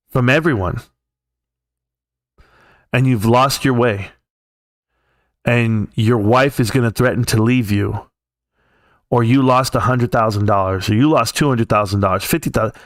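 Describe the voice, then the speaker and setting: A man with a California accent and a medium-pitched voice hosts a livestream, recorded dry with studio quality. He goes on a heated, profane, rambling rant, mocking people by quoting them in put-on voices.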